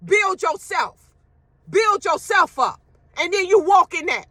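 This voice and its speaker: Woman, high voice, bright and sharp, blunt profane rant, dry close sound. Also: very animated, takes it slowly, no room sound. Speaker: social media commentator. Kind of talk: ranting monologue to viewers.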